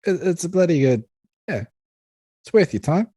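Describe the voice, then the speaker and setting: A man co-hosting a casual film review podcast, talking in an animated, exasperated way with plenty of swearing. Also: a little high, normal speed, husky, no room sound. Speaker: podcast co-host.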